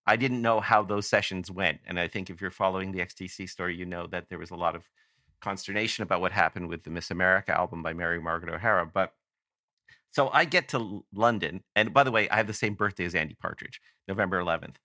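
Bright-voiced Canadian man rambling through a story. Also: low voice, fast talker, no echo, clean studio sound. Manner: rambling, self-interrupting storyteller. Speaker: podcast guest. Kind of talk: casual anecdote telling.

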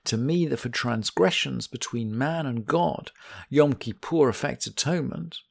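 A man teaching a religious text, reading each Hebrew line slowly and then explaining it in plain English. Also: medium pitch, vocal fry, slightly rough, dry recording. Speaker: Talmud teacher. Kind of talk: text study lesson.

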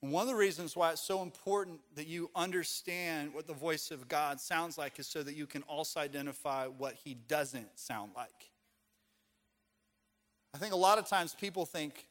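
A man's voice: a little high, a bit bright. A man preaching a sermon as a pastor, talking casually and telling stories with everyday fillers. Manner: conversational, storytelling with casual fillers.

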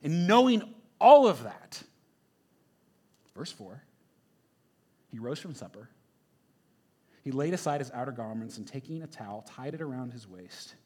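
A man's voice: mid-range voice, animated, moderate pace, long pauses, a little mellow, slightly rough. A man preaching a sermon in a conversational, emphatic way, often checking in with the listeners. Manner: conversational, emphatic, frequent "right?" asides. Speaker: pastor.

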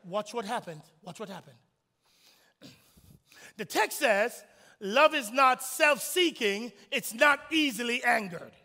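A man preaching a sermon in church, emphatic, swinging from shouts to soft asides. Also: extremely high pitch, animated, slow, pauses often, big-room sound. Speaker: pastor.

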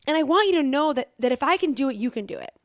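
Rapid-fire, expressive, and high-pitched, a young woman talks bluntly to camera as a recovery vlogger, aiming to motivate her viewers. Frequent swearing and repeated phrases add emphasis, and the studio sound is clean with no room sound.

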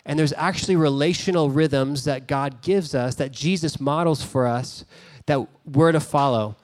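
A man's voice: on the high side, normal speed, a little mellow. A man preaching a sermon as a pastor, telling a story in a conversational way with casual asides.

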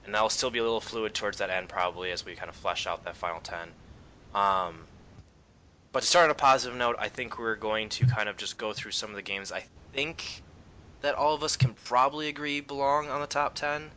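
Bright-voiced male podcast host. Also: fairly low pitch, fairly quick, a little hiss or hum, low-quality recording. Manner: relaxed, rambling with fillers. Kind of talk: casual panel discussion.

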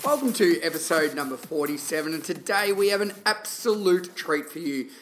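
Excited Australian man hosting a podcast. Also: on the high side, normal speed, soft background music. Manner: enthusiastic, warm hype-up intro. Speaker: podcast host. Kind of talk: upbeat podcast interview.

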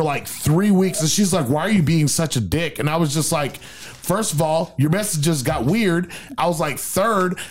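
Animated man telling a story, rising and falling. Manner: animated, profane, acts out quotes in a mocking high voice. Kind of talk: casual storytelling.

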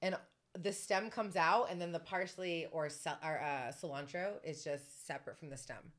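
Female guest, chatty and rambling, frequent fillers and laughter, slightly low voice. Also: normal speed. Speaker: guest co-host. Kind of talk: casual chat. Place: home, recorded in person.

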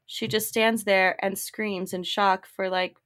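A woman co-hosting a casual podcast, retelling movie scenes and acting out the characters' lines in quick quoted bits. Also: medium pitch, level tone, a bit bright. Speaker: podcast co-host. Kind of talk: casual chat.

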